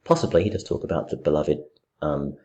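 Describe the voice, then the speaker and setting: A man's voice: extremely low pitch, fairly quick, darkish tone. A middle-aged man teaching a poetry commentary, thinking aloud with many fillers and restarts. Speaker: English literature teacher. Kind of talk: recorded lecture, poetry commentary.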